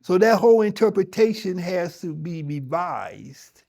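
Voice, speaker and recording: The audio sounds dull as a middle-aged man leads a yoga talk, speaking emphatically and conversationally and repeatedly restarting sentences. He has a high, animated voice that's gravelly and a little mellow, and he speaks slightly slowly.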